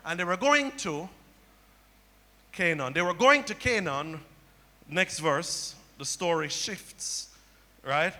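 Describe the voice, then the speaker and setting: A pastor's voice, high-set, pushed and bright, rings through a church sanctuary with long hall reverb. He preaches by telling stories and repeating key phrases back to the congregation.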